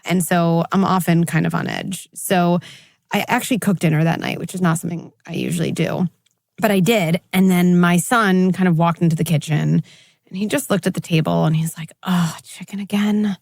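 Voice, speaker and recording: A middle-aged woman psychologist giving candid interview answers, animated when she acts out what others say. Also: on the low side, normal speed, gravelly, no room sound, studio quality. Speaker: psychologist guest.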